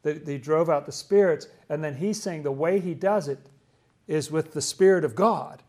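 A man's voice: a little high, moderate pace, darkish tone. A man leading a casual Bible study, explaining passages with enthusiasm and asking questions as he goes.

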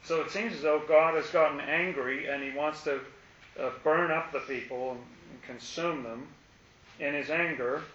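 A man's voice: on the high side, normal speed, fairly bright tone, echoey room, lo-fi sound. A man leading a casual Bible study, explaining passages with playful asides.

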